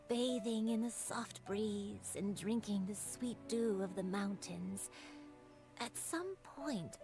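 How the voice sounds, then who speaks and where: An actress voicing a gentle old grandmother who was once a crane, speaking softly and tenderly, often near a whisper, in a game. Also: medium pitch. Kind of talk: game dialogue.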